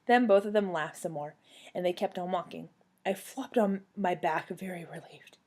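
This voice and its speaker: A young woman reading a children's book aloud at home on her couch, telling the story to a former student with lively expression. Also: on the low side, moderate pace.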